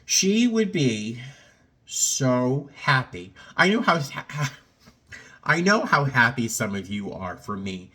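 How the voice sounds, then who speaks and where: A man's voice: medium pitch, sing-song, takes it slowly, sharp tone, husky. A middle-aged man in a casual personal vlog, talking in a reflective, rambling way with many fillers and restarts, a little choked up. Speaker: vlogger.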